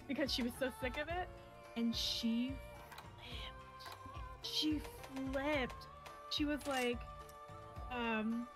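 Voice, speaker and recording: Young woman, twenties, high-ish voice, animated rambling storyteller on a gaming stream, music under. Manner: animated, rambling, laughs often. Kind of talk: casual storytelling while gaming. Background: game music.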